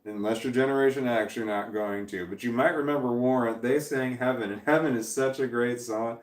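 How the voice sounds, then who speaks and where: A man in his forties chats loosely on a livestream in a mid-pitched voice, wandering from one viewer comment to the next with little chuckles. The sound carries a roomy echo. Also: fairly quick. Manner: rambling, reads viewer comments aloud and chuckles. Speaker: livestream host. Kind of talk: casual livestream chat.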